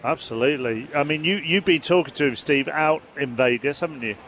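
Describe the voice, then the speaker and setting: A man's voice: a little high, brisk, a bit bright, a little hiss or hum. Conversational radio host man. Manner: conversational, prompting questions. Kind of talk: radio sports chat.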